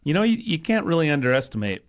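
A man's voice: on the high side, sing-song, quick pace, muffled recording. A man co-hosting a golf radio show, chatting casually and jokingly, often rambling and breaking off mid-thought. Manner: joking, rambling, self-interrupting. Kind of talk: casual sports radio chat.

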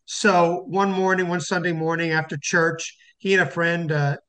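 A man's voice: a little high, level tone, normal speed, a bit bright. A man being interviewed as an author, telling a long anecdote with many restarts and fillers. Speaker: author guest. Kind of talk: phone-in interview storytelling.

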